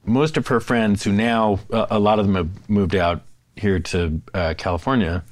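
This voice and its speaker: A man's voice: fairly low pitch, steady tone, moderate pace, no echo. A man from San Francisco co-hosting a casual chat, hesitant with many fillers and repeats. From San Francisco, USA. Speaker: podcast co-host.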